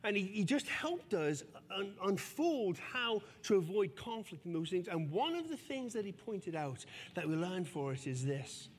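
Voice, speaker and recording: A man's voice: high voice, very animated, normal speed, few pauses, husky. A man in his fifties preaching a sermon, telling stories with self-deprecating humor. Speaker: pastor. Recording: long church-hall reverb.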